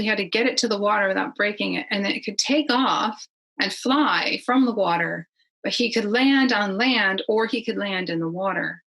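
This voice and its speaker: Husky-voiced chatty woman. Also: mid-range voice, a bit bright, poor audio. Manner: chatty, rambling, laughs often. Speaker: podcast guest. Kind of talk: casual conversation.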